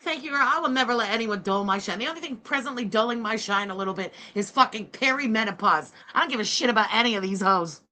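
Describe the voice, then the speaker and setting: A woman in her forties hosting a livestream reaction, loud, mocking and swearing, yelling often. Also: on the high side, fast, hardly any pauses.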